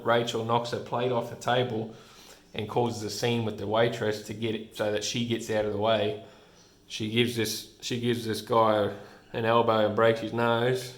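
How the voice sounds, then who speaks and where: A man casually reviewing a comic book, rambling with many restarts and frequent chuckles. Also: fairly low pitch. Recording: roomy room echo.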